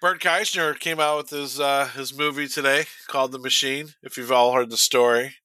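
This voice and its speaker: A man's voice: mid-range voice, fairly even intonation, normal speed, pushed and bright, dry recording, rough recording. A middle-aged man chatting casually on a podcast, telling a long story with restarts and laughing at his own tale. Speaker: podcast co-host.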